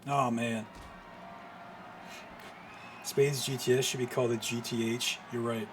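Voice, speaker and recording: A man doing live play-by-play commentary on a wrestling match, excitable and full of exclamations. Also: mid-range voice, measured pace, over music. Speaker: streamer commentator.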